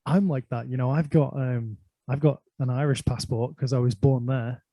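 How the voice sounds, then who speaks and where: A man's voice: medium pitch, steady tone, normal speed, dark tone, no echo. A man hosting a casual interview, asking eager, chatty questions full of fillers. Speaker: interview host.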